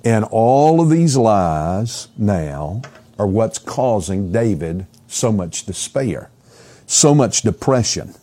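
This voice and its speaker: A man's voice: on the low side, very animated, takes it slowly, warm tone. A man preaching an expository sermon, earnest, asking the listeners questions and often repeating words as he goes.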